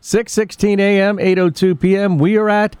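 A man's voice: high voice, little pitch movement, moderate pace, a little mellow, clear, resonant tone, dry recording, clean studio sound. Folksy small-town radio man. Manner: folksy, chatty, rambling. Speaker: radio host. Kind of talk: local radio morning show.

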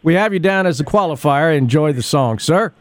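A man's voice: on the high side, lively intonation, brisk, dry recording. A man hosting a local radio morning show, reading the weather and ads and chatting with callers in a folksy, rambling way. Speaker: radio host.

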